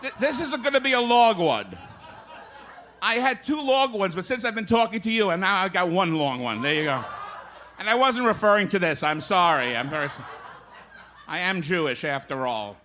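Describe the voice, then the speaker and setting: A man with a high-pitched, bright, forceful voice and lively intonation speaks at a moderate pace, with a little hiss or hum in the recording. He's doing live stand-up in a comedy club, telling old-school jokes and trading barbs with hecklers as part of his crowd work.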